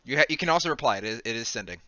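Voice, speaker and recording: A man runs a tabletop role-playing session with a bright, forward tone. He calls for dice rolls briskly and narrates the scene in between. His pitch sits in the middle. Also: lively intonation, no echo, highs cut off. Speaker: game master. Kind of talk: running a tabletop game.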